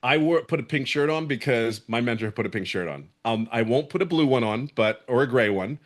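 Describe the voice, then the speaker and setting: Middle-aged man from Philadelphia, average pitch; emphatic, repetitive, fired-up testimonial. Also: animated, brisk. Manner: emphatic, repeats himself, fired up. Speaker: student sharing a testimonial. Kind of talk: casual spoken testimonial.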